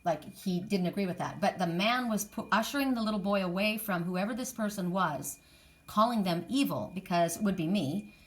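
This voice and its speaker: A middle-aged woman talks through a spiritual reading in an earnest, heartfelt way. She rambles, restarts her sentences and circles back to her points. Her voice sits at an ordinary middle pitch for a woman. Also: normal speed. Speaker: oracle card reader. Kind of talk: spiritual reading, casual monologue.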